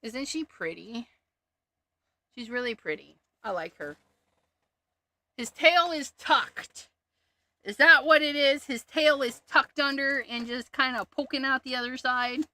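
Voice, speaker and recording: A woman's voice: sits high, measured pace, pauses often, sharp tone. A woman hosting a casual crafting livestream, chatting and giggling as she sorts through her stamps. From Canada. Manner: chatty, giggly, thinks aloud.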